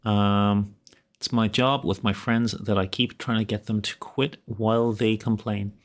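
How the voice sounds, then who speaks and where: This young Irishman's voice sits on the low side, a little slow with fairly even intonation, and carries an Irish accent. As game master of a tabletop game, he chats easily with viewers, relaxed and chuckling frequently.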